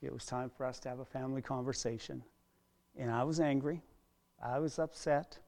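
A middle-aged man preaching a sermon as a pastor, earnest, dropping to a hush and then rising loud, often repeating words. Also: medium pitch, steady tone, normal speed, vocal fry. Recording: long hall reverb.

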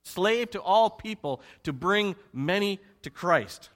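A man preaching a sermon with animated emphasis, rhetorical questions and joking asides. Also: high voice, slow pace. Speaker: pastor.

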